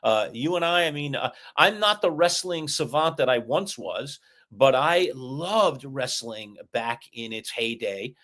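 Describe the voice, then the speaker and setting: A middle-aged man co-hosting a sports talk show, chatting and telling stories in an animated way. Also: medium pitch, unhurried. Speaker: co-host.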